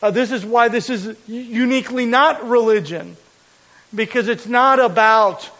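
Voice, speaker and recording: A man preaching a sermon as pastor, explaining a verse with deliberate, emphatic repetition. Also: very high-pitched, fairly bright tone, rough recording.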